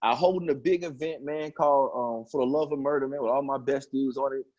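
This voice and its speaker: A man's voice: mid-range voice, steady tone, a little fast, a little mellow, muffled recording. A man, a battle rap league owner telling stories in a casual, profane interview, often saying "you know what I'm saying.".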